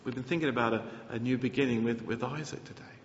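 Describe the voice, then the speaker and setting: A man preaching a sermon, earnest and animated, often restarting his phrases. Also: mid-range voice, quick pace, slight background noise. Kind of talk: sermon with Bible reading. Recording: echoey hall, slightly dull sound.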